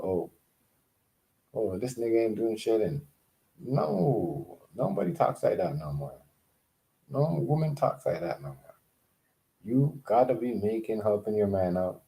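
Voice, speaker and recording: A man's voice: low voice, warm tone. A man in a casual, rambling vlog rant, profane and emphatic, often repeating himself. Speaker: vlogger.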